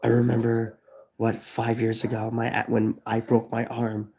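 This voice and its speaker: A man's voice: mid-range voice, monotone, unhurried, a little mellow, breathy edge, poor audio. A man in his thirties talking to viewers on a live stream, grieving, rambling and swearing as he repeats himself. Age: 30s. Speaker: vlogger. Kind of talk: emotional live stream talk.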